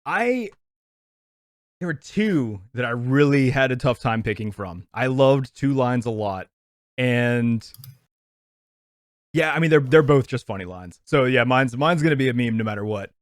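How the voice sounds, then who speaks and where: A man's voice: mid-range voice, animated, unhurried, no echo, studio quality. A man co-hosting a movie podcast, chatting casually, laughing easily and often repeating himself. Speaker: podcast co-host. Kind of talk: casual movie review chat.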